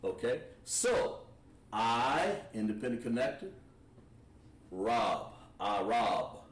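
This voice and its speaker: A man's voice: medium pitch, drawn-out words. A man teaching an online language class, explaining step by step as he writes on a board. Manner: relaxed, explains step by step while writing on a board. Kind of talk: online class lesson at a whiteboard. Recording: echoey room, mic at a distance.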